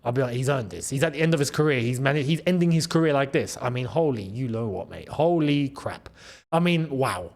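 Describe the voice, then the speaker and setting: A male football channel host, talking casually to his audience, excitable and animated, repeating phrases and breaking into laughs. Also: mid-range voice, a little fast. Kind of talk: casual football commentary to camera. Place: in the Gulf region.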